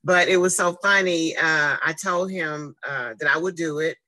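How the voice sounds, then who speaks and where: A woman, telling her story casually in conversation, lively and acting out what people said. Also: moderate pace, rough recording. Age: 50s. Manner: animated, acts out quoted exchanges with big swings in pitch. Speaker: guest speaker and advocate.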